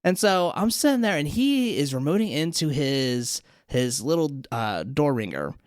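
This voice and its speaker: With a smooth, higher-pitched voice, a man co-hosting a podcast runs through a TV episode casually, animatedly voicing the characters' lines in quick bursts. The recording is dry, with clean studio sound.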